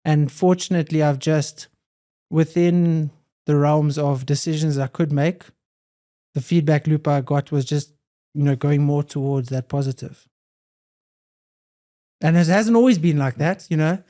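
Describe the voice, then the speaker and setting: Young guy on a podcast, mellow voice a bit high, reflective and earnest. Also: measured pace, pauses often. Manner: reflective, earnest, repeats phrases. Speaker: podcast guest, hybrid athlete. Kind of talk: casual conversation.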